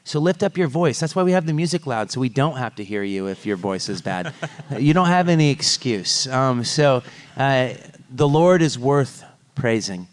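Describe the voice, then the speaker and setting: A man's voice: mid-range voice, animated, moderate pace. Conversational male pastor preaching a sermon. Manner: conversational, self-interrupting, with light jokes. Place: church service before singing congregation.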